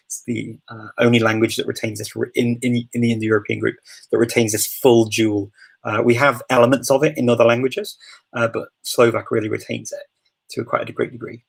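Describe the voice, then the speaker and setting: A man from Liverpool with a Scouse accent hosts a live Q&A in a relaxed, rambling way. His voice has a gravelly, fry-edged texture at a mid pitch. He laughs easily and hesitates as he thinks. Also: brisk, rough recording. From Liverpool, England. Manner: chatty, laughs often, many ums and restarts. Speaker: host of a live Q&A. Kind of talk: casual live Q&A chat.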